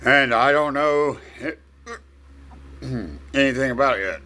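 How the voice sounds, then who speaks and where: A man with the hiccups talking casually to camera, halting and full of filler words. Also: mid-range voice, pushed and bright. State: has the hiccups. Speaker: vlogger. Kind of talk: rambling casual monologue.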